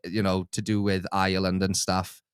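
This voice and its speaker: A man's voice: low-pitched, completely flat delivery, normal speed, smooth, no echo, clean studio sound. A man co-hosting a casual chat, easygoing and hesitant, often restarting his sentences. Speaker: co-host, the host's editor.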